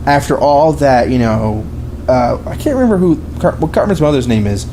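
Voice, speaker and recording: Male podcast co-host, dark mellow voice, rambling casual talk with faint background noise. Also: medium pitch, lively intonation, moderate pace. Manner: rambling, many restarts and fillers. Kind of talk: casual film discussion.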